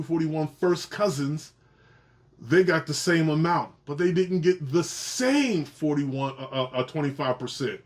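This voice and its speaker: A middle-aged man hosting his own genealogy video, explaining casually to camera in an animated way, often repeating and restarting phrases and swinging his pitch up for emphasis.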